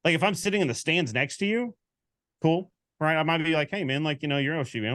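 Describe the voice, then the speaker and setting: A man co-hosting a casual sports podcast, telling stories with lively quoted back-and-forth. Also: fairly high pitch, fast, no room sound, studio quality. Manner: animated storyteller, acts out quoted exchanges. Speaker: podcast co-host.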